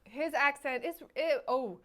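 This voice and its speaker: A woman's voice: high voice, measured pace, fairly bright tone. A woman hosting a film review podcast, talking casually and animatedly, often restarting and trailing off. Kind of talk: casual chat.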